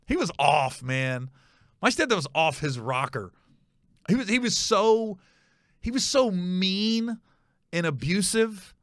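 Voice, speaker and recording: Lively, profane man telling a comic story. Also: high-pitched, slow, long pauses, dry recording, studio quality. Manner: animated, profane, wry storyteller. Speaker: comedian. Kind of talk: comedic storytelling on a podcast.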